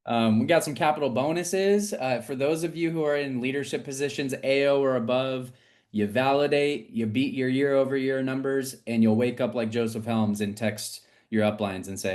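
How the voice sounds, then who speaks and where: Brief: energetic man hosting a team call, reading numbers and hyping people up. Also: medium pitch, moderate pace. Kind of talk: upbeat team meeting shout-outs.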